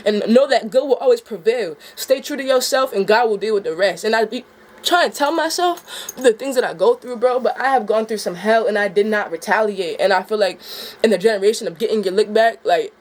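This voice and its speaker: A woman's voice: mid-range voice, a little fast. A young adult woman vlogging about her faith, reading scripture and then talking in a heartfelt, slangy way, often saying "bro.".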